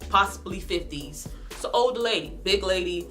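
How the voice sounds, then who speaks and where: A woman vlogger telling an animated, indignant storytime. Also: mid-range voice, normal speed, faint music behind. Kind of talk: storytime vlog.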